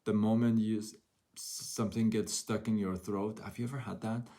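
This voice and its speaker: A man's voice: fairly low pitch, fairly even intonation, normal speed, mellow. A man hosting a live motivational talk, telling a story and asking rhetorical questions. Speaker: host.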